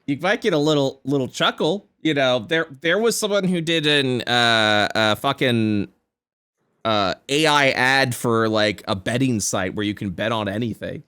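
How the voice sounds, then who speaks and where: A man's voice: medium pitch, a little slow, smooth. A young man and podcast co-host in casual chat, swearing a lot and restarting his sentences. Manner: animated, swearing, trails off and restarts. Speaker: podcast co-host and game master.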